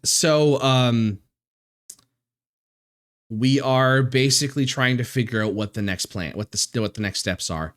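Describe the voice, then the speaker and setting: A man streaming live, talking in a halting, emotional way with many restarts and swearing, close to tears. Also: mid-range voice, a bit bright. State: near tears. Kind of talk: casual live-stream chat.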